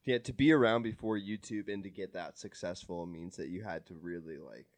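A man co-hosting a podcast in casual comedic chat, playful and drawling, often trailing off quietly. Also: sits low, brisk, no echo. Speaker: podcast co-host.

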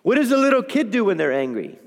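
Animated high-voiced male preacher in a hall. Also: quick pace. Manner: animated, acts out quoted prayers. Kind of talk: sermon to a live congregation. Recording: long reverb in a hall.

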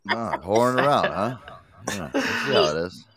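Brief: male podcast host, low voice, animated, crude and casual. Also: moderate pace, husky, no echo. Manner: crude, swears freely, laughs often. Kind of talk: casual live podcast chat.

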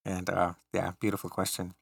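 A man's voice: deep voice, monotone, moderate pace, gravelly, fairly bright tone, slightly rough, no room sound, studio quality. A man co-hosting a podcast in casual chat, telling stories and laughing often. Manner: chatty storyteller who laughs often. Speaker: podcast co-host.

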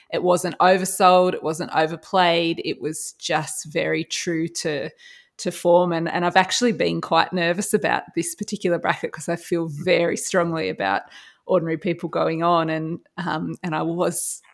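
Woman, low pitch, gravelly, casual podcast chat, animated. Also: moderate pace. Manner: animated, laughs often. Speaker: podcast panelist.

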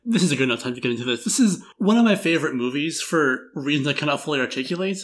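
Wry man, casual movie podcast chat, slightly high voice, rambling, laughs a lot. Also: lively intonation, very fast, a bit bright. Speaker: podcast host. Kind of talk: casual film review chat.

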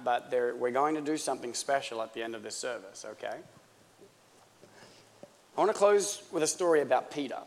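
A man from Australia preaching a sermon in a conversational, joking manner that builds toward fervor. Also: mid-range voice. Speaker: pastor. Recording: long church-hall reverb.

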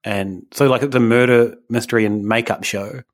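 A man's voice: medium pitch, steady tone, normal speed. A man co-hosting a casual podcast chat, rambling and hesitant, with lots of fillers and restarts. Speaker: podcast co-host.

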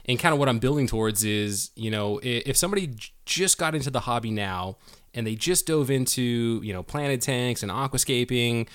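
A man's voice: medium pitch, moderate pace, clear, resonant tone, no echo, studio quality. A man hosting a podcast interview, chatty and jokey, with lots of fillers and restarts. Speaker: podcast host. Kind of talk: casual interview chat.

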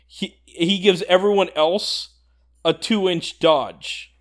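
Male co-host, higher pitch, eager rules explainer, chatty. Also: fairly even intonation, slow. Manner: enthusiastic, explains rules at length, laughs often. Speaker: podcast co-host. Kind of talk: casual tabletop game discussion.

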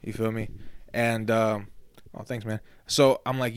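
A young man co-hosting a podcast, telling stories in relaxed casual chat, swearing often and repeating himself. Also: mid-range voice, brisk, smooth, dry recording. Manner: laid-back storytelling, swearing, repeats "you feel me". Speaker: podcast co-host.

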